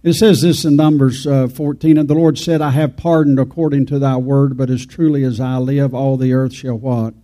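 A man's voice: medium pitch, steady tone, moderate pace, hardly any pauses, dark tone. A man preaching an informal, folksy sermon, rambling and talking straight to his congregation.

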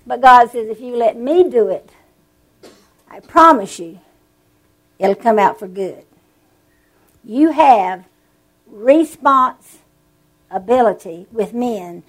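A woman preaching a sermon, telling stories with animated emphasis and drawn-out words. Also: fairly high pitch, low-quality recording.

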